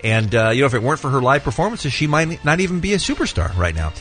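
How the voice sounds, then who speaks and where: Fast, lively male radio host. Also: medium pitch, soft background music. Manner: quick, playful, teasing. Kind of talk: morning radio banter.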